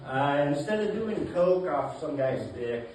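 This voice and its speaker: A man performing a deadpan stand-up set in a comedy club, halting with many fillers. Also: on the high side, a little hiss or hum. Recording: roomy club sound from a distance, audience laughter. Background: audience laughing.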